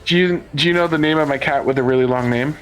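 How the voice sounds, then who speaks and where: A man's voice: on the high side, fast talker, a bit bright, poor audio. A man chatting casually and playfully on a gaming stream, rambling and joking. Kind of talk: casual chat.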